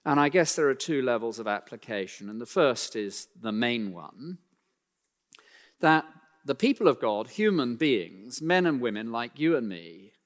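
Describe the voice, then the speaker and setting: A man preaching a sermon, speaking emphatically and slowing down to read scripture aloud, in a church. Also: medium pitch. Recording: long hall reverb.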